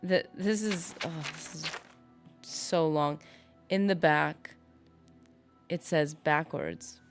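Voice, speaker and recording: A woman with a lowish, expressive voice speaks at a slow pace while faint music plays behind her. She's a gaming streamer giving casual live commentary, chatting and rambling to her viewers and addressing chat as she plays.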